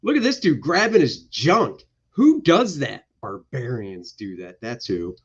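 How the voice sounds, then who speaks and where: A man's voice: mid-range voice, very animated, a little slow, husky, highs cut off. A male comic book artist giving casual, jokey commentary on his pages during a livestream. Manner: playful, jokey, slips into goofy voices.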